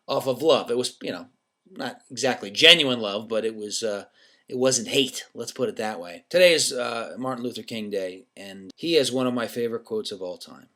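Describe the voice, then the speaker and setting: A man's voice: mid-range voice, pushed and bright. A man vlogging casually to his viewers, candid and loose, telling a personal story with the odd swear word.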